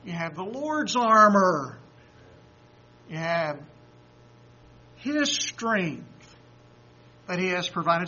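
High-voiced man preaching a sermon. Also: breathy edge. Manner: builds from quiet and low to loud, excited exhortation; acts out quoted voices, chuckles between points. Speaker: pastor. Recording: dull lo-fi recording.

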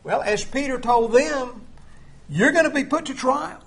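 Emphatic high-voiced male preacher. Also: a little slow, vocal fry, slightly rough. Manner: emphatic, rising and dropping volume, rhetorical questions. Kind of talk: sermon.

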